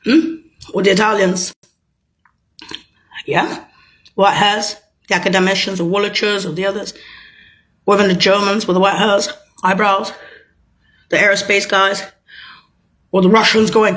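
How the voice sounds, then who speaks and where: A woman's voice: medium pitch, little pitch movement, normal speed, pauses often, a bit bright. A woman in a rambling, profane, sarcastic monologue, agitated and mocking. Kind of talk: ranting monologue to camera.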